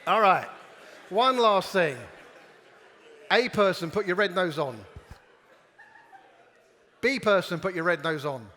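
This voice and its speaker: A man's voice: high voice, lively intonation, takes it slowly, pauses often, bright, forceful tone. A man giving a playful, jokey conference talk and leading the audience in participation games. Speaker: conference speaker. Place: conference hall before a live audience. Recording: long hall reverb.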